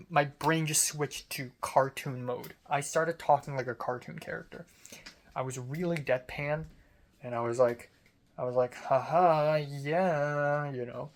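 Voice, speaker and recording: A young adult film student telling a story in a casual monologue, rambling with lots of "like" fillers and casual swearing. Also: mid-range voice.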